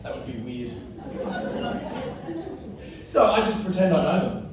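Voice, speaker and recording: An Australian man in his thirties tells funny stories from a keynote stage, laughing as he goes and acting out the people in them. His voice sits high and swings widely. The recording is echoey and distant, like a mic far off in a large hall. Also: expressive, measured pace, crowd noise, noisy background. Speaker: keynote speaker. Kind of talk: comic keynote talk on stage. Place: large hall with live audience.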